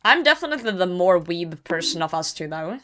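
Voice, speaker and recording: A woman's voice: fairly low pitch, big pitch swings, a little fast, bright, forceful tone. A young woman streaming a game and chatting casually, reading chat messages aloud and laughing often. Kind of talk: casual gaming livestream chat.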